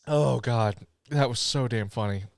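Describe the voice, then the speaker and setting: A man co-hosting a casual livestreamed movie review podcast, breaking into laughter often and talking excitably. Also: medium pitch, unhurried, creaky, no echo, studio quality. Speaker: podcast co-host.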